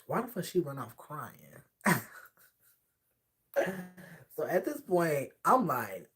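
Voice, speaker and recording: A man chatting on his livestream, spinning a story with plenty of sass. His pitch swings up and down as he talks. He acts out other people's lines as he goes. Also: slow pace. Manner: sassy, animated, acts out quoted voices.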